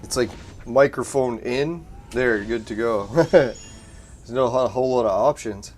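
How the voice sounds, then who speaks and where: A man's voice: medium pitch, measured pace, a little mellow, a little hiss or hum. Laid-back man streaming from home. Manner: laid-back, swears and laughs often. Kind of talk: casual live-stream chat. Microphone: desk mic through a soundboard.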